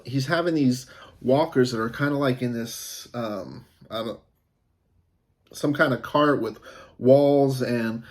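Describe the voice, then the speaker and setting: A man's voice: mid-range voice, a little mellow. A man giving a casual, rambling review of a TV episode, with many fillers and restarts.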